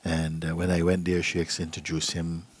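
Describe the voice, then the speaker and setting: A middle-aged man, a spiritual teacher, giving a gentle, unhurried talk and acting out voices in his stories. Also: low-pitched, monotone, breathy edge, dry recording. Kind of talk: satsang talk, storytelling. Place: gathering hall.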